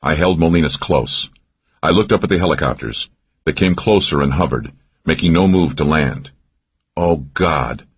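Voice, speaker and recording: A man's voice: rumbling low, moderate pace, husky, lo-fi sound. A man narrating a first-person thriller audiobook, tense and driving in action scenes.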